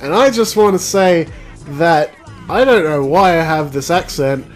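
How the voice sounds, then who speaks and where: A man's voice: on the high side, a little slow, soft background music, lightly acted. A man voicing an eager young fox boy who rambles earnestly and preaches safety.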